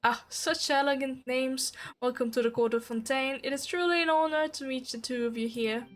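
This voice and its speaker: Woman reading as a pompous noble gentleman. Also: high-pitched, moderate pace, faint music behind, lightly acted. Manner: flowery, formal and condescending. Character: pompous, elegant male city noble.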